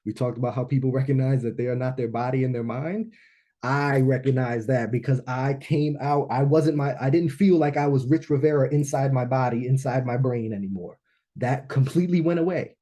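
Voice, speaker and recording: A man speaking to a live audience at a business launch event, telling a personal story in an animated way and often checking in with "right?". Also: medium pitch, fairly quick.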